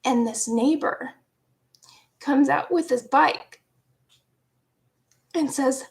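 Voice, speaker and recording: A woman of about forty tells a personal story in a slow, unhurried way, with a gravelly edge to her fairly high voice. She is animated and laughs often, and sometimes drops into hushed asides. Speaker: vlogger.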